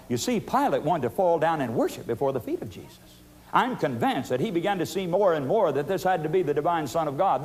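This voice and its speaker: A man in his sixties preaching an evangelistic sermon, swinging from loud, pleading questions to hushed, intense passages and addressing listeners as "friends". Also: on the high side.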